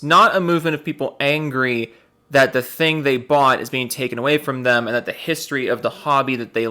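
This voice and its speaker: A young man talks over a clip in a medium-pitched voice, sarcastic and profane. He rambles and circles back on his own points, mocking the argument as he goes. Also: sharp tone. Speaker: video commentator reacting to a clip. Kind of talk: sarcastic reaction commentary.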